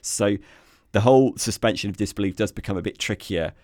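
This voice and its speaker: Deep-voiced British man reviewing films. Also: a little fast, dry recording, studio quality. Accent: British English. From Britain. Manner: hesitant, many fillers and restarts, lively when enthused. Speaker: podcast co-host, film reviewer. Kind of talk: casual film discussion podcast.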